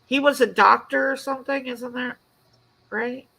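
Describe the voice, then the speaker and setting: A woman co-hosting a casual online chat, her voice full of gravelly fry yet bright, pitched a touch high. She chimes in and trades quick remarks over a video call. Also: steady tone, rough recording. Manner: conversational, chiming in. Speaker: co-host.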